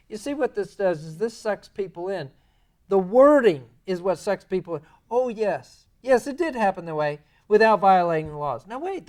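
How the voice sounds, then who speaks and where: A man giving a creation science lecture in a church, animated and sarcastic in his asides. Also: sits high. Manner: animated, sarcastic asides, mocking quoted voices. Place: church sanctuary.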